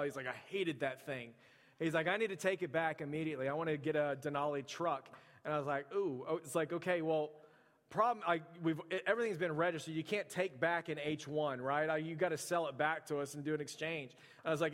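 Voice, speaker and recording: A young man preaches in a loose, storytelling way, slipping into the voices of the people in his stories. His voice sits a little high, and a long hall reverb trails behind each phrase. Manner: conversational, animated storyteller acting out quotes. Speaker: pastor. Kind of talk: storytelling sermon.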